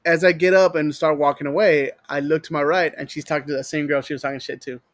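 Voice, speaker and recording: A man's voice: fairly high pitch, fairly even intonation, fast talker, no echo, studio quality. A man with a Texan accent co-hosting a podcast, rambling and cursing as he tells stories and mimics people. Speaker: podcast co-host. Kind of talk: casual chat.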